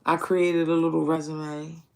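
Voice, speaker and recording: A man's voice: fairly high pitch, flat delivery, measured pace, gravelly, darkish tone. A man telling his own story in a candid, reflective way, swearing often and repeating phrases, with speech. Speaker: streamer. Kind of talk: casual personal storytelling.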